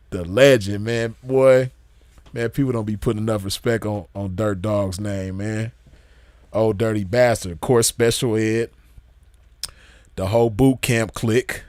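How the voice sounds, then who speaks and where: A man hosting a gaming channel, chatting casually in an excited, slangy, profane way and repeating himself often. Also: on the low side, no echo, studio quality. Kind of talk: casual chat.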